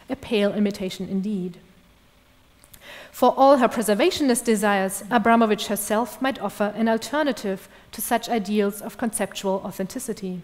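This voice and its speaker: A woman's voice: medium pitch, a little mellow. Woman lecturing in a reverberant hall. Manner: measured, precise academic delivery. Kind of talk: academic lecture read from a script.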